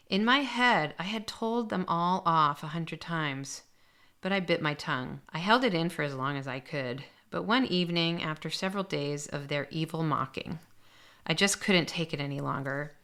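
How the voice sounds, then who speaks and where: A woman's voice: deep voice, fairly bright tone, clean tone. A woman doctor hosting a podcast, candidly telling a personal story and reading parts of it aloud in a reflective way. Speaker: aesthetic medicine doctor and podcast host.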